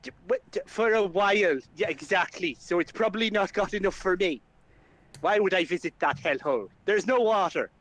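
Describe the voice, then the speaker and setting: A man's voice: high voice, normal speed. A man voicing a rude, hard-drinking hero who swears and brushes people off. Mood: scornful. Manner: swearing, dismissive, loud.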